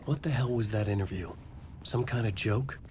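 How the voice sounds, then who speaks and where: An actor playing a troubled writer in a game, narrating in a brooding inner monologue. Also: male voice, fairly low pitch, normal speed, a little mellow, a little hiss or hum, close to an everyday voice. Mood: uneasy. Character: troubled adult male writer narrating his ordeal.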